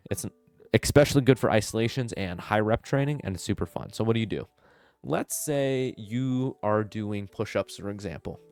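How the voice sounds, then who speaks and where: A young man with a somewhat low voice talks straight to camera, giving casual fitness tips. He rambles loosely, throwing in "like" and bro slang, with a relaxed, unscripted flow. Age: young adult. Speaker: fitness vlogger. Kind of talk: casual advice monologue.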